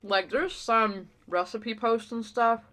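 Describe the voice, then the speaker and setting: A woman's voice: fairly high pitch, fairly even intonation, slow, fairly bright tone. A woman hosting an eating show, chatting casually and rambling with lots of fillers. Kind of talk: casual chat while eating.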